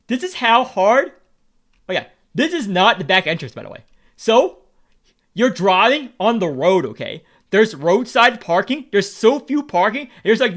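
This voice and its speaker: A man's voice: high voice, fairly bright tone. A Vietnamese American man streaming, rambling in casual chat, repeating words and swearing freely as he talks. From United States.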